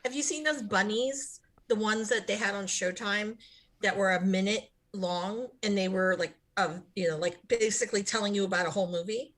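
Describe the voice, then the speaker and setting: A woman's voice: medium pitch, normal speed, fairly bright tone. A woman co-hosting a wrestling podcast, chatting enthusiastically and rambling. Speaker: podcast co-host. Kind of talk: casual chat.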